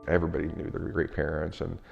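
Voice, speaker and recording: Deep gravelly man, earnest. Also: monotone, very fast, muffled recording, music in the background. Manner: earnest storytelling. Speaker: recovery program leader. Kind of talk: documentary interview.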